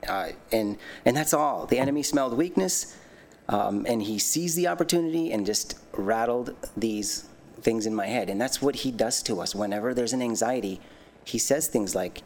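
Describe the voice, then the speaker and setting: A man giving a personal testimony in a sermon, earnest and animated, telling his story with many restarts and self-conscious laughs. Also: medium pitch, normal speed. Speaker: lay speaker giving a testimony.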